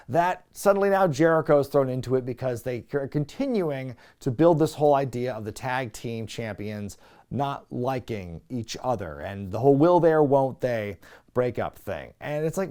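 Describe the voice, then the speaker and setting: A man's voice: mid-range voice, darkish tone. A man hosting a wrestling review show, giving a casual, sarcastic recap and talking to viewers as folks. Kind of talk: casual comedic recap commentary.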